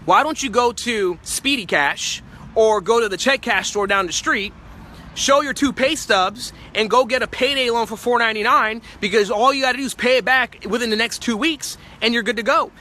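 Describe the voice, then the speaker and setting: A man giving a motivational sales-training talk, emphatic and forceful, sometimes acting out his clients' voices. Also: extremely high pitch, normal speed, a little hiss or hum.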